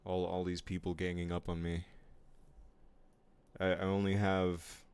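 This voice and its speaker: A man's voice: deep voice, completely flat delivery, measured pace, darkish tone, clean tone. A man streaming his drawing live, chatting casually with viewers in playful, mock-offended banter. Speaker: art streamer.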